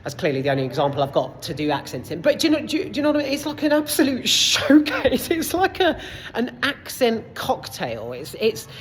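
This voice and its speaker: Animated, rambling woman reviewing films. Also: a little high, fairly quick. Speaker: film reviewer. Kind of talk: casual spoken film review. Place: cinema foyer.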